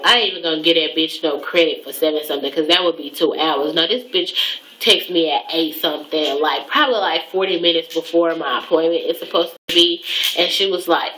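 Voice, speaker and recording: Young woman, casual vlog storytelling, bright ringing voice, profane and animated. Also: deep voice, fairly quick, a little hiss or hum, low-quality recording. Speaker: hair vlogger.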